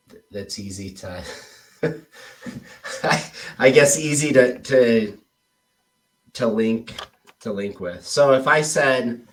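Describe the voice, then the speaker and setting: A man coaching a trainee on sales scripts in a relaxed, casual way. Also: lowish voice, distant mic. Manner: relaxed, demonstrates tone with example phrases. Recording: roomy echoey recording.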